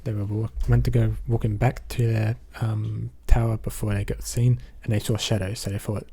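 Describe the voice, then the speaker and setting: Speaking at normal speed, an Australian movie reviewer rambles casually through a film recap, often leaning on "basically" and "um." His voice sits on the low side and is creaky, dark and husky, with little pitch movement.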